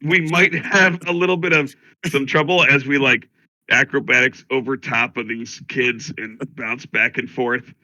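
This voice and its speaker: A man playing in an online tabletop game, talking casually and bursting into loud enthusiasm. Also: mid-range voice, fairly even intonation, measured pace, no room sound. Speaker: player.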